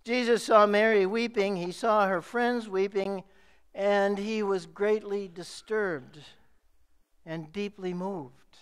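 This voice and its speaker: Middle-aged pastor guy, highish smooth voice, slow measured sermon, hits the repeats hard. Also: fairly even intonation. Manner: slow, measured preaching with emphatic repetition.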